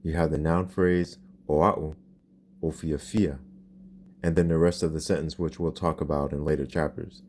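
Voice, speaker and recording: A man narrating a language lesson in a scripted instructional style, explaining slowly and carefully and spelling out words. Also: extremely low pitch, flat delivery, a little mellow. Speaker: language teacher.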